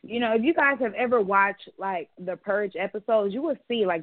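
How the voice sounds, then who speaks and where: A woman's voice: mid-range voice, normal speed, hardly any pauses, dry recording. A woman co-hosting a podcast, telling a story in candid casual chat and swearing freely. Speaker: podcast co-host. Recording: dry tinny phone-like audio.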